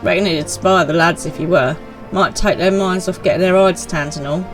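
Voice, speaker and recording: A woman's voice: fairly low pitch, fairly even intonation, fairly quick, natural voice. Lady doing a wry soldier type, folksy and teasing, bit of music behind.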